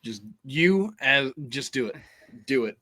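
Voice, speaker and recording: A man's voice: mid-range voice, lively intonation, measured pace, sharp tone. Upbeat man co-hosting a film chat. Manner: agreeable, enthusiastic, eggs on his partner. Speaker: podcast co-host. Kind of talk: casual chat.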